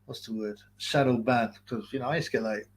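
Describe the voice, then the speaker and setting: Husky man ranting on a livestream. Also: medium pitch, steady tone. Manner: profane, rambling, quick to laugh. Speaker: livestream host. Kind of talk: casual livestream chat.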